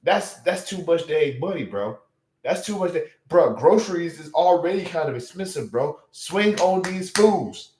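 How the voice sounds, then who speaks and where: A man's voice: fairly high pitch, expressive, moderate pace, a little mellow, reverberant, a little hiss or hum. Incredulous young man on a livestream. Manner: incredulous, exclamatory, repeats himself. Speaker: livestream host. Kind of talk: casual livestream chat.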